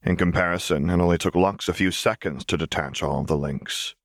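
Deep-voiced man narrating fan fiction. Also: steady tone, brisk, creaky, no room sound, studio quality. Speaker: audiobook narrator.

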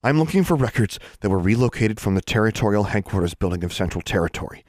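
A man's voice: lowish voice, animated, quick pace, darkish tone, no room sound, studio quality, natural voice. A man voicing a brash, ruthless young witch who speaks curtly and sardonically. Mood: sardonic. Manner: curt, sardonic.

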